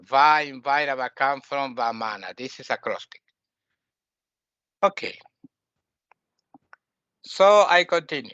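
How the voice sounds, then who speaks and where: A man's voice: mid-range voice, expressive, takes it slowly, long pauses, sharp tone, smooth, no room sound, highs cut off. A man with as his giving a spiritual lesson, repeating key phrases emphatically with phrasing. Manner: emphatic, repetitive teaching, non-native phrasing. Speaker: spiritual teacher. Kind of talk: spoken lesson.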